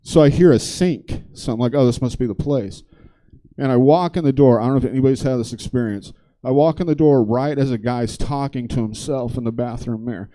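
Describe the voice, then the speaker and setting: A man's voice: mid-range voice, a little fast, few pauses, dark tone. Casual profane man telling a stand-up story. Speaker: stand-up comedian. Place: comedy theater stage.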